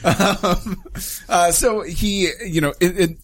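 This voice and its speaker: A man's voice: sits high, slow pace. A man co-hosting a radio talk show, reviewing a film in a loose, rambling way. He leans on fillers and breaks into small laughs. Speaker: podcast co-host. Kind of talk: casual chat and film review.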